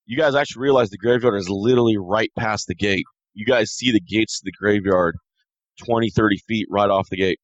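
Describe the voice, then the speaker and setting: A man runs a tabletop game with a low voice, taking his time over each description and stopping now and then to correct himself. The recording is dry and dull, with muffled highs. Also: no echo. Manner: slow descriptive narration with self-corrections. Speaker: game master.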